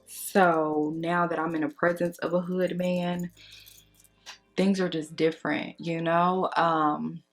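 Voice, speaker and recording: A young woman, chatting and gossiping casually while doing her makeup for a beauty vlog. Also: fairly low pitch. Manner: chatty, gossipy, slangy and expressive. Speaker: beauty vlogger. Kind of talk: casual storytime during a makeup tutorial.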